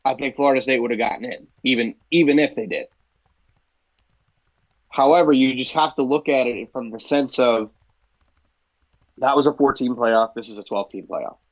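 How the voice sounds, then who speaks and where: A man's voice: mid-range voice, moderate pace, pauses often, highs cut off. A man co-hosting a sports talk show, arguing back with hedges and lots of "I mean.". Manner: hedging, full of "I mean". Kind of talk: sports debate.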